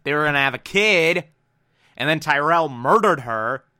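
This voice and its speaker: A man casually recapping a TV episode, animated and profane, acting out characters' lines as he goes. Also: a little high, normal speed, clear, resonant tone. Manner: animated, profane, quotes characters mid-story. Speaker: TV recap commentator.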